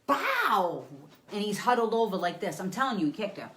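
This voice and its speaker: A woman psychic medium giving a reading in a mid-range voice. She talks in an animated, blunt and profane way, acting scenes out with sound effects. A faint hiss sits behind her. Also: medium pitch, quick pace. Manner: talks to an unseen listener and to viewers. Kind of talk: live psychic reading for viewers.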